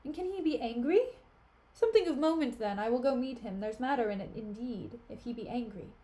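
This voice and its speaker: A woman's voice: fairly high pitch, animated, brisk, warm tone, lightly acted, low-quality recording. A woman reading the part of Iago, a scheming male soldier, in a loose, mocking way. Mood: musing. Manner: mocking, sly casual paraphrase.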